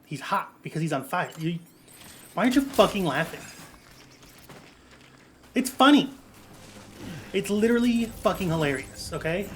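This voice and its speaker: A young man with a slightly high voice gives casual gameplay commentary, cracking jokes and swearing as he banters with the characters on screen. A steady hiss of background noise runs under his voice. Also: brisk. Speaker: gameplay streamer.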